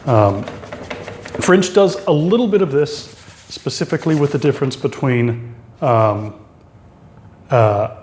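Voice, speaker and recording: A man with a lapel mic giving a casual language lesson, talking haltingly with many ums and restarts. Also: medium pitch, darkish tone. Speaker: language teacher. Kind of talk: casual explainer video.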